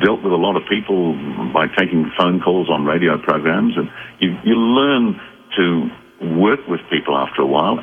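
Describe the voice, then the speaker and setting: A man who is a psychic guest on a radio call-in show, explaining in a measured, reflective way with restarts. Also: low voice. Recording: tinny phone line with faint noise.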